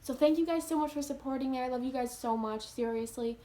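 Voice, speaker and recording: High-voiced earnest young woman vlogger. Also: quick pace, mellow. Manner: earnest, heavy use of "like". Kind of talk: casual storytelling to camera.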